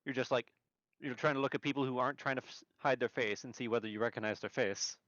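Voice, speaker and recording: A man's voice: mid-range voice, fairly even intonation, quick pace, a bit bright, no room sound, dull audio. A man playing a tabletop game, crude and argumentative as he reasons through the rules. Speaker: player. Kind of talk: casual tabletop chat.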